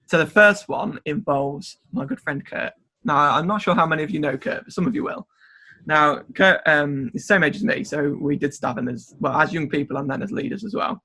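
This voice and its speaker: A man's voice: on the high side, a little fast, slightly rough. A young man, a youth leader, telling funny stories in a casual chat and laughing through them. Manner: animated storyteller who laughs through his anecdotes.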